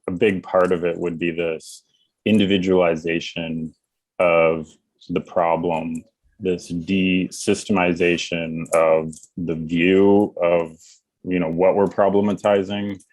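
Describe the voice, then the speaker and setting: A man talking as a podcast guest, measured and searching for words. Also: deep voice, dry recording, low-quality recording. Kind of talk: podcast discussion.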